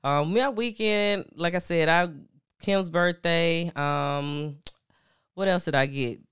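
A woman's voice: on the low side, takes it slowly, fairly bright tone, clean tone, dry recording, studio quality. A woman hosting a podcast in a casual, laid-back chat, slangy and full of fillers. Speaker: podcast host.

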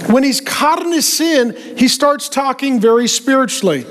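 Pastor guy preaching, high voice, throws in jokes, lively. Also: normal speed. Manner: animated, joking asides. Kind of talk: sermon.

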